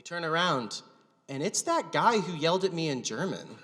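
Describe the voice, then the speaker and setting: Male stand-up host, bright, slightly high voice, wry deadpan storytelling, long hall reverb. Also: moderate pace. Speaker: stand-up comedian and show host. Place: gallery venue with live audience.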